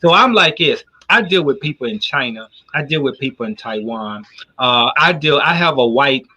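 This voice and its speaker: A man who runs a business, talking on a talk show in an animated, profane storytelling way. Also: medium pitch, normal speed, breathy edge. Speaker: business owner. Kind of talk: casual talk show discussion.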